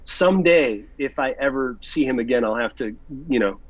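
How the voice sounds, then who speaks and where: A man's voice: mid-range voice, moderate pace, no echo, lo-fi sound. A man guest telling a casual anecdote, acting out the dialogue. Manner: animated storyteller, acts out dialogue.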